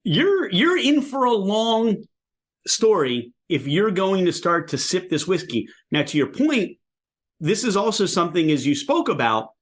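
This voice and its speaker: A man's voice: sits high, a little slow. A man hosting a podcast, chatting enthusiastically and in detail about a drink he is tasting. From Pennsylvania, USA. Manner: enthusiastic, animated tasting talk. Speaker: podcast host. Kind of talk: casual interview chat.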